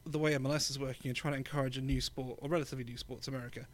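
A man's voice: mid-range voice, level tone, racing. A man from England with an English accent, co-hosting a podcast in casual chat, chatty with lots of ums and easy laughs. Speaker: podcast co-host.

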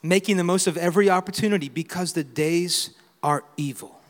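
A man preaching a sermon, swinging between loud exhortation and quiet reflection, with humorous asides and call-and-response lines. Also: high-pitched, brisk. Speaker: pastor. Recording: reverberant hall with faint music.

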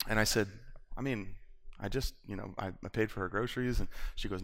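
A man's voice: on the low side, fairly even intonation, quick pace, hardly any pauses, fairly bright tone. A man preaching, telling a personal story with acted-out quotes and laughter. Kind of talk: sermon storytelling. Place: church.

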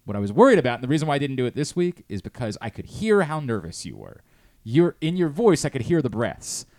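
A man's voice: medium pitch, big pitch swings, fast, a little mellow, no echo. A male show host in casual studio chat, rambling and interrupting as he jumps from thought to thought.

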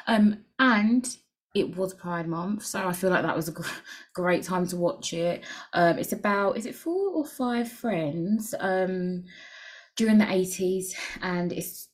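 Chatty woman with a lowish voice. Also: darkish tone. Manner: candid, crude jokes, rambling asides. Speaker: podcast host. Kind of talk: casual solo podcast chat.

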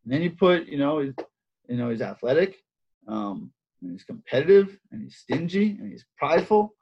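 Husky-voiced wrestling coach, dull recording. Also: male voice, on the high side, moderate pace. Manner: animated, repeats phrases, many fillers. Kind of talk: casual interview storytelling. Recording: dull lo-fi sound.

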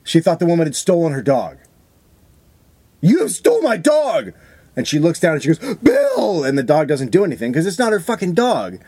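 A man co-hosting a comedy podcast, telling a story in crude casual banter and mimicking other people's voices with sudden high jumps. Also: very animated, fast talker, few pauses, a little mellow, breathy edge, dry recording. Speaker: podcast co-host.

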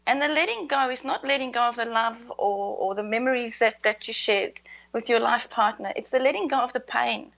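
An Australian woman with a high, gravelly voice, talking earnestly about her method as a grief coach. The sound is dull and lo-fi. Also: fairly quick, fairly bright tone. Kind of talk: explaining her program in an interview.

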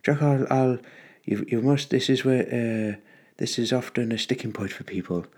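A man's voice: mid-range voice, moderate pace, darkish tone, husky, pitched above the performer's own voice, natural voice. A man putting on an Irish accent to play an encouraging adult male breathing coach who stammers earnestly.

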